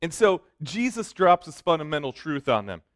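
A man's voice: a little high, sing-song, moderate pace, no room sound, clean studio sound. A middle-aged man preaching a sermon as a youth pastor, mixing emphatic points with self-joking stories. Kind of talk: sermon with storytelling.

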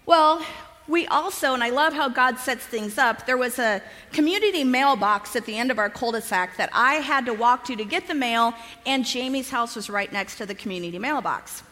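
A woman in her fifties tells her personal testimony to a conference crowd, bringing the story to life by acting out what everyone said. Her voice is bright and a little high. It rings with the long reverb of a large hall. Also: moderate pace. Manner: lively storyteller who acts out quoted dialogue, often laughing. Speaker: conference speaker.

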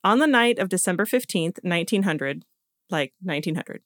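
With a lowish voice and lively intonation, this podcast co-host retells a story fairly quickly, laughing often and stumbling over names. She's recorded on a podcast studio mic with no room sound and studio quality.

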